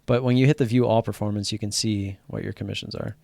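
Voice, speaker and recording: A man hosting a live stream about day trading, chatting casually and getting excited, swearing freely and restarting his sentences. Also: lowish voice, fast talker, creaky, dry recording. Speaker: livestream host talking day trading. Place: home streaming setup wearing headphones.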